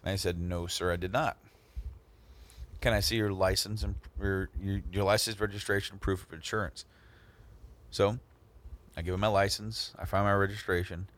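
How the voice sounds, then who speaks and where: A man's voice: low-pitched, moderate pace, pauses often. A man telling a story in casual chat with friends, acting out the other people in it and often repeating himself. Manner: animated, acts out the other people in his story; repeats words and restarts a lot.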